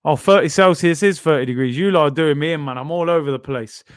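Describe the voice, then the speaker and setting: A man's voice: fairly high pitch, fast talker, smooth, no echo, studio quality. Chatty man hosting a watchalong. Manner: chatty, slangy, reads out viewer comments. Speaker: football watchalong host. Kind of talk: casual live-stream chat and commentary.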